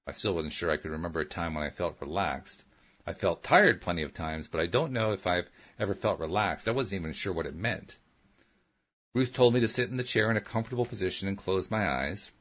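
A man's voice: low voice, a bit bright, husky. A man reading a first-person story aloud as an audiobook narrator, in a plain, earnest storytelling manner.

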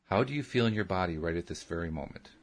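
A man voicing a calm, patient female counselor who gives slow, soothing instructions in an audiobook. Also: low voice. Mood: gentle. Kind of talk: audiobook character reading.

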